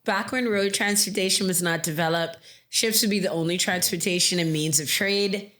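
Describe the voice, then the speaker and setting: A woman with a lowish, fairly bright voice speaks at a normal pace. She co-hosts a casual podcast, reading word definitions aloud and laughing easily between them.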